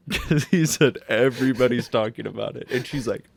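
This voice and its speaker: A man's voice: mid-range voice, moderate pace, creaky, husky, no echo, studio quality. A man co-hosting a podcast, telling stories with lots of swearing and laughter. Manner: swearing, laughing storyteller, animated when quoting. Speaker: podcast co-host. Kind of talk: casual chat.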